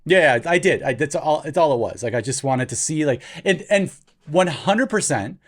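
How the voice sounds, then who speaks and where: A man's voice: on the high side, normal speed. A man co-hosting a podcast, telling stories in casual chat and acting out the people he quotes. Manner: animated, acts out quotes in shifting voices. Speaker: podcast co-host.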